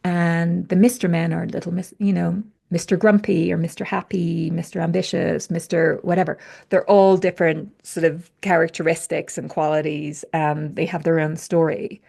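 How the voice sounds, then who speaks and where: A woman's voice: fairly low pitch, little pitch movement, normal speed, vocal fry, hardly any pauses, a little mellow. A woman guest in a casual podcast conversation, telling stories and acting out her inner voices with animation. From UK or Ireland.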